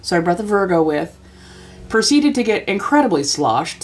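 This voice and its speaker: A woman in her forties hosts a relaxed livestream, rambling through a personal story. She laughs often and slips into playful voices for the people she quotes. Her voice sits on the lower side. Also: normal speed, faint music behind. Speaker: livestream host. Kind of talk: casual storytelling chat.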